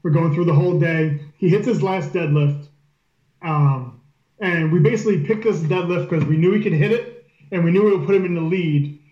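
Coach guest, male, animated storyteller, echoey muffled remote audio. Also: fairly high pitch, moderate pace. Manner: animated storyteller, swears freely. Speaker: powerlifting coach. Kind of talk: casual storytelling on a podcast.

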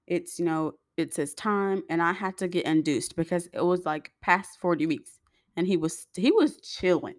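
Chatty young woman with a low voice. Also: normal speed, dry recording, studio quality. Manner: chatty, rambling, acts out quoted voices. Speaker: vlogger. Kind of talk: casual storytelling to viewers.

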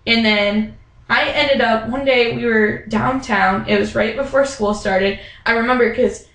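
Young woman, animated storyteller, slightly high, gravelly fry, roomy sound. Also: unhurried. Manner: animated storytelling, acts out quoted voices; many fillers like "like" and "um". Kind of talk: casual chat.

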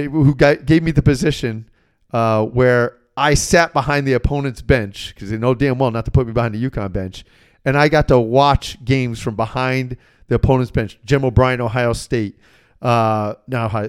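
A middle-aged man hosting a podcast, telling a story in a casual, profane and self-deprecating way, with bursts of animated outrage. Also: mid-range voice, moderate pace, smooth. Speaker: podcast host.

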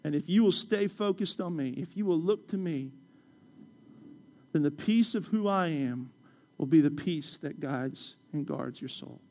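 A man pastor preaching a passionate sermon in a church, swinging from loud urgent calls to quiet prayer. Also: a little high, animated, measured pace. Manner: impassioned preaching, rising loud then dropping soft.

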